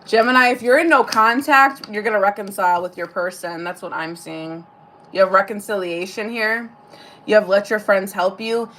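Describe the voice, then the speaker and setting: A woman's voice: mid-range voice, steady tone, moderate pace, fairly bright tone, slight background noise. A woman giving a casual live-streamed tarot reading. She chats, swears freely and answers viewer comments aloud between card pulls. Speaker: tarot reader.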